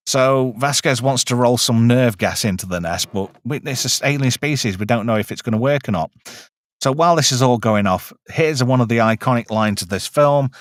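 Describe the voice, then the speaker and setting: A man's voice: medium pitch, dry recording, clean studio sound. A man hosting a casual film review, recapping scenes in a chatty, joking way.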